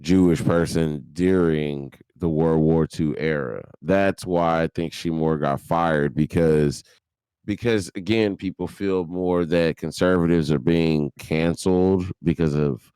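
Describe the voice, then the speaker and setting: A man's voice: deep voice, takes it slowly, dark tone, clean tone, dry recording. A man on a casual podcast, laying out his argument step by step. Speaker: podcast co-host.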